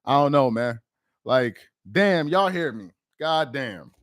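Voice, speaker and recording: A man's voice: mid-range voice, lively intonation, slow pace, a bit bright, no room sound, clean studio sound. A man hosting a casual sports livestream, talking in a dejected, rambling way with lots of repetition. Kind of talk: casual live-stream chat.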